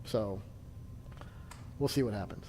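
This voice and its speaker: A man's voice: lowish voice, measured pace, long reverb tail, noisy background. A man casually leading a church history class, chatty and joking, with frequent restarts.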